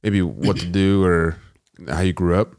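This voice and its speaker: A man hosting a podcast, asking quick, halting questions with restarts. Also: deep voice, fairly even intonation, a little mellow, no echo, clean studio sound. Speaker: podcast host. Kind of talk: casual interview questions.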